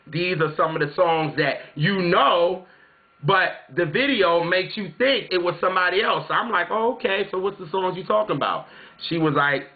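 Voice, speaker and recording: Chatty man with a tinny, phone-like sound. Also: on the high side. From South Carolina, US. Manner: chatty, keeps saying "you know what I'm saying". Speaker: music vlogger. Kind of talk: casual storytelling to viewers.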